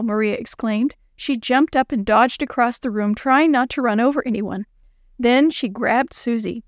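A woman narrating a children's story in a clear, expressive reading. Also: a little high, normal speed, dry recording, clean studio sound.

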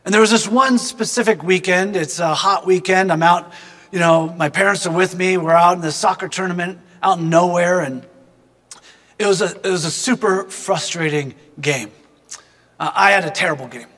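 High-voiced man in a reverberant space. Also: normal speed, a bit bright. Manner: earnest, reflective, addresses the listener directly. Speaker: speaker giving a devotional reflection. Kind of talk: personal storytelling reflection.

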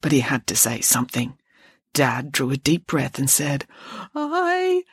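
A woman hosting a podcast and reading her own children's book aloud, relaxed and chatty. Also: very deep voice, moderate pace, slightly rough, no echo, clean studio sound. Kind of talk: bedtime story reading.

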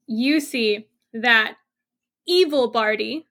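A woman running a tabletop game as game master over a video call, brisk and bossy, swearing freely. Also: a little high, pushed and bright. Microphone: video call mic.

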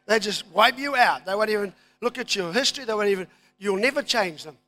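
A man preaching a sermon, moving from quiet asides to loud, emphatic declarations. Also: sits high, expressive, normal speed. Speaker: pastor.

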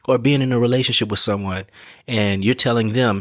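A man's voice: medium pitch, steady tone, fairly quick, fairly bright tone, no echo, clean studio sound. A man giving casual motivational advice in an earnest way, repeating his points, correcting himself and checking in with the listener. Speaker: vlogger giving life advice.

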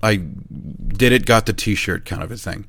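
A middle-aged man who owns a chimney service business tells a casual, animated story about his early work. He acts out the exchanges he describes and laughs at himself. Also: fairly low pitch, a little slow, dry recording. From New Hampshire, USA.

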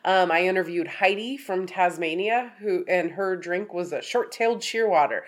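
A woman's voice: lowish voice, normal speed. A woman co-hosting a casual podcast, stuffed up from a sinus infection, chatty and upbeat. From US Pacific Northwest. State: congested, stuffed up. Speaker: podcast co-host. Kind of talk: casual chat.

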